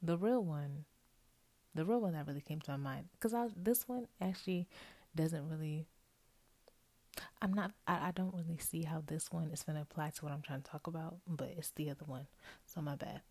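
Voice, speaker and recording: Late at night in her bedroom, with her roommate asleep nearby, a young woman hosts her podcast mostly in a whisper into a close earphone microphone. Her voice sits low and dark, at a moderate pace without echo, as she chats to "y'all" and keeps correcting herself.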